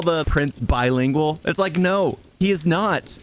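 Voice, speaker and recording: A man's voice: a little high, expressive, moderate pace, few pauses, slight background noise. Sarcastic, exasperated male movie reviewer. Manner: sarcastic, exasperated, rhetorical questions. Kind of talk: casual ranting review.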